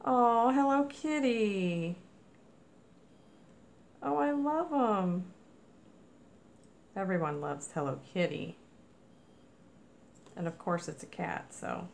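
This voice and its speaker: A woman's voice: mid-range voice, animated, slow pace, creaky, pauses often. A woman narrating a craft mail unboxing in a casual, gushing way, exclaiming often over each item. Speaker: crafting vlogger.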